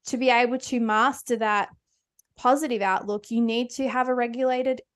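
A woman's voice: on the high side, fairly even intonation, normal speed. A woman in her thirties co-hosting a podcast, thinking aloud with many fillers. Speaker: podcast co-host. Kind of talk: casual heartfelt conversation.

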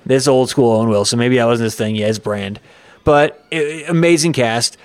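A man co-hosting a podcast, telling a story in a playful, animated way with quick asides. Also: mid-range voice, clean tone, dry recording. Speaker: podcast co-host. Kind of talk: casual chat.

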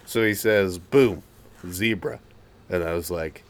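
A young adult man, a former Marine and firefighter, casually telling a profane, animated story as a podcast host. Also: deep voice, slow, slight background noise.

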